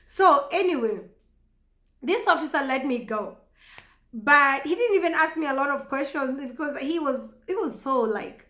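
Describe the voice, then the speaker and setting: A woman with a Kenyan accent telling a story casually to camera, chatty and animated, often laughing. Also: high-pitched, normal speed. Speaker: vlogger. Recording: echoey room.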